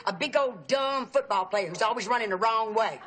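An actress playing a chatty aunt in a sitcom, fussy about pronunciation. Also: female voice, fairly high pitch, fairly quick, a bit bright, natural voice. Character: gossipy talkative Southern aunt, middle-aged. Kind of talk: sitcom acting. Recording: noisy old TV audio.

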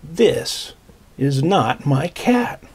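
A man's voice: fairly high pitch, sing-song, a little mellow, slightly rough, exaggerated voice. A man reading as a little boy missing his cat. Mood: pleading. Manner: slow, drawn-out questions.

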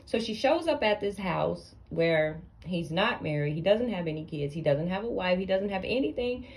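A woman with a lowish voice and tells a story to camera. She is blunt and sassy, and she lectures the people in the story as if they were in front of her. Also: moderate pace. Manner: animated, blunt, sassy, addresses people directly. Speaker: storytime vlogger. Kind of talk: casual storytime commentary.

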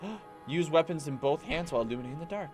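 A man's voice: on the high side, racing, a little mellow. A man giving live, chatty commentary as he streams a video game, talking to his viewers. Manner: chatty, talks to viewers while playing, jumps between hype and mumbling. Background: game music.

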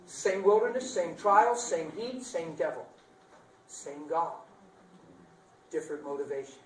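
A man's voice: fairly high pitch, normal speed, a little hiss or hum. Dramatic preacher man in a roomy hall. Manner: dramatic, swinging from loud bursts to hushed lines; playful, laughs at himself. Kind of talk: sermon. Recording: roomy sound picked up from a distance.

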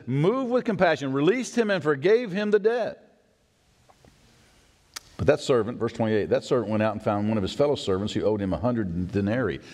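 A pastor preaches a sermon in a church sanctuary, and the recording carries the long reverb of a church hall. He is expressive, acting out quoted voices by raising his pitch.

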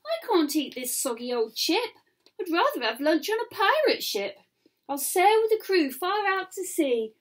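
A woman voicing an eager, excited little boy in a picture-book reading. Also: very high voice, a little slow, pitched above the performer's own voice, full character voice. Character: cheeky little boy hungry for adventure.

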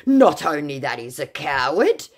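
A touchy young man running a romance scam, as a woman voices him, pitched high above her usual voice with a lot of swing in it. He is indignant and boastful, and his English is broken. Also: very animated, measured pace, exaggerated voice. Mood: angry, insulting. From Nigeria. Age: 20s. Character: young male romance scammer, touchy and defensive.

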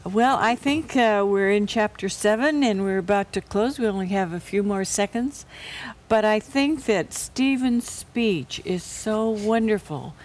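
A woman's voice: mid-range voice, a little slow, a little mellow. Older woman hosting a Bible panel. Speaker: host. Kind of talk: Bible study panel discussion.

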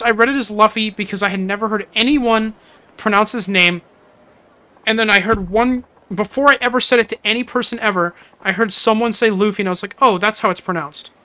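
A man's voice: high-pitched, pushed and bright. A man streaming a game, joking with chat and reading dialogue aloud in a playful, self-mocking way.

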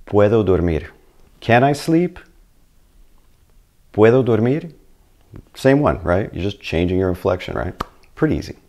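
A man's voice: sits low, a little mellow. A man whose first language is English, teaching beginners in an upbeat video lesson and speaking straight to the learner. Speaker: Spanish teacher.

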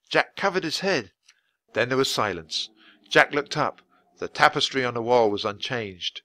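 A man reading a children's book aloud at a clear, natural pace for language learners. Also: medium pitch, sharp tone, dry recording. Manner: clear, deliberate storytelling for learners. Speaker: audiobook reader.

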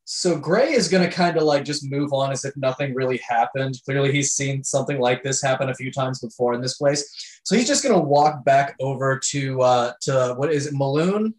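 A man's voice: medium pitch, moderate pace. A man playing a tabletop game, casually describing his character's actions. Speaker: player. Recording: echoey room.

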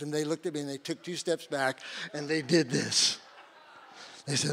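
A man's voice: a little high, fairly quick. An older man preaching, telling a personal story with acted-out quotes and laughs. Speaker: guest preacher. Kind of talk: sermon with personal testimony.

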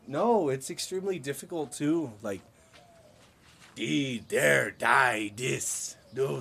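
A mid-range male voice with a breathy edge belongs to an American livestreamer who makes stone-look art. Working on craft pieces outdoors, he chats casually with his viewers, joking and laughing a lot.

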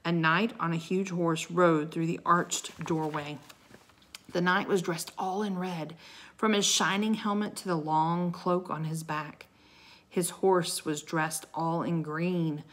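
A woman reading a children's chapter book aloud, slowly and clearly. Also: lowish voice, steady tone, a bit bright. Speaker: storybook reader. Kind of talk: slow read-aloud narration.

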